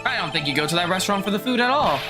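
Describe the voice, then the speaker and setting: A woman's voice: on the low side, expressive, very fast, natural voice. A woman voicing a young male defense lawyer who asks probing questions in a dry tone. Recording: music playing behind.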